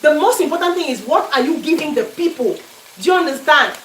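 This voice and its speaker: Emphatic woman, high voice. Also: lively intonation, a little fast, a bit bright, reverberant, distant mic, a little hiss or hum, rough recording. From Cameroon. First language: French. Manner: emphatic, preachy, keeps asking "do you understand?". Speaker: cooking channel host. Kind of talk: live-stream chat while cooking. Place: small home kitchen indoors.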